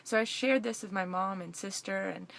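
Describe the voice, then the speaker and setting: A young woman vlogger giving an emotional personal testimony to camera, excited and laughing through her words. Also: medium pitch, normal speed, creaky.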